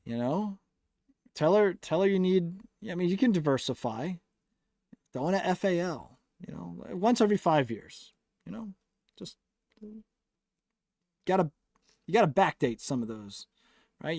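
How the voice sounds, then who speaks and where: A man's voice: a little high, no room sound. Casual male livestream host, dry sound. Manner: relaxed, joking, sarcastic asides. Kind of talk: casual live chat reading viewer comments.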